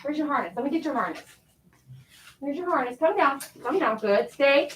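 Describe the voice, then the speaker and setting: A woman's voice: sits high, animated, moderate pace. A woman dog groomer on a live stream, cooing affectionately as she talks to a dog. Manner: cooing, affectionate talk to a pet.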